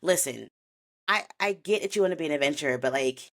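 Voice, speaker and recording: A woman's voice: sits low, lively intonation, fast talker, a bit bright. A woman quoting a weary guild master. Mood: apologetic.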